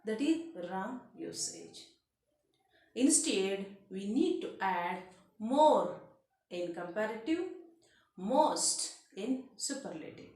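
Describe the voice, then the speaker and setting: A woman's voice: mid-range voice, animated, takes it slowly, darkish tone, distant mic. A woman teaching an English grammar lesson. She repeats each example word and keeps checking in with "okay", in non-native phrasing. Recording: very echoey room.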